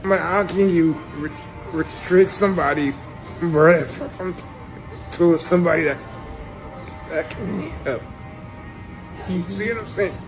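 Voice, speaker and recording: Frustrated young man, high voice. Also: gravelly, rough recording. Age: young adult. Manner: frustrated, halting, restarts sentences. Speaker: shooting victim. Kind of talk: recorded personal statement. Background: music.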